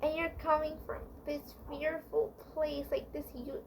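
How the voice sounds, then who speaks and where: A woman's voice: high voice, little pitch movement, a little slow, background noise. A woman vlogger giving heartfelt relationship advice in a casual, confiding monologue, rambling with frequent restarts and fillers.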